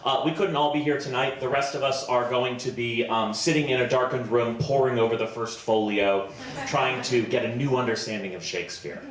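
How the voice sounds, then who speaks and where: A man performing improvised comedy on stage, chatty and self-deprecating, often pausing with ums. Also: medium pitch, fairly even intonation, very echoey. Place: festival stage before a live audience.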